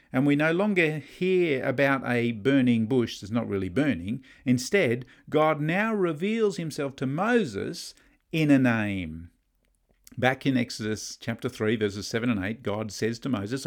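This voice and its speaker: A man's voice: mid-range voice, expressive, unhurried, vocal fry. Middle-aged man preaching conversationally. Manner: conversational, storytelling, humorous asides. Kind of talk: sermon.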